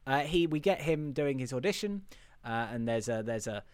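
A man's voice: mid-range voice, lively intonation, moderate pace, clear, resonant tone, no room sound. Rambling man on a dry mic. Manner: rambling, with many fillers, swears and laughs. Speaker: podcast host. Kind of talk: casual chat reviewing a film.

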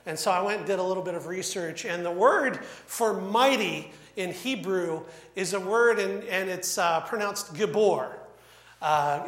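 Male pastor, high voice, casual sermon, fillers, echoey church. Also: fairly bright tone. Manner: conversational, storytelling with frequent fillers.

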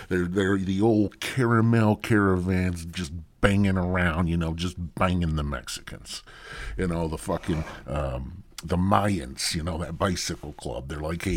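A man hosting a podcast, riffing through a meandering, profane comedic monologue with lots of halting restarts, close to the microphone. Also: deep voice, breathy edge. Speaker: podcast host.

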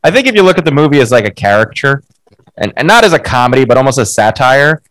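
A middle-aged man and comedian, a guest on a podcast, explaining his points in an animated way. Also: mid-range voice, quick pace, no echo, low-quality recording. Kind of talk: casual interview chat.

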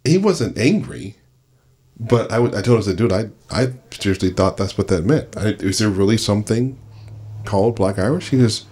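Man, low-pitched, chatty storytelling host who slips into quoted voices. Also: animated, moderate pace, darkish tone, breathy edge. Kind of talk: family conversation, storytelling.

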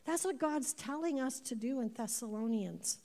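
A woman in her fifties preaching a sermon to a congregation, animated, repeating words and putting questions to the room. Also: on the high side, moderate pace. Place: church before a congregation. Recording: long hall reverb.

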